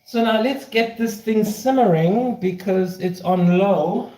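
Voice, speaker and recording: A man giving a casual spiritual talk while he cooks, self-assured and animated, drifting between prophecy and cooking asides. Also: high-pitched, takes it slowly. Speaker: spiritual teacher. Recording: roomy echo.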